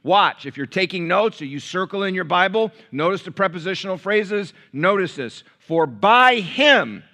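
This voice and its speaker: A man preaching from the pulpit with a bright, forceful voice that sits a little high. He asks his congregation questions and answers them himself. His delivery swings between loud, emphatic lines and near-whispered low passages. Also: normal speed. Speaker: pastor. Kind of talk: sermon.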